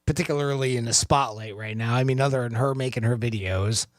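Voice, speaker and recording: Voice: medium pitch, brisk, no room sound, studio quality. A radio co-host chatting casually, reacting with easy banter.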